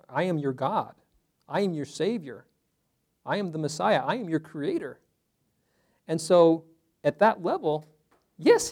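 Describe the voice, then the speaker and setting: A man's voice: fairly high pitch, darkish tone. A man teaching a Bible study class to a small group in a room, talking conversationally and asking the group questions.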